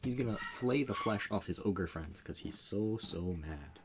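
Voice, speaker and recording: A man playing in an online tabletop game, excitable and joking. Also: deep voice, moderate pace. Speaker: player. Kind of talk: casual game chat.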